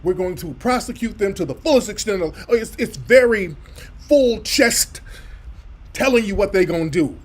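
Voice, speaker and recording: A man hosts a talk-radio commentary show. His voice sits high, and he talks bluntly, with profanity and mockery. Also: lively intonation, normal speed. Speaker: radio host. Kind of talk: commentary over played clips.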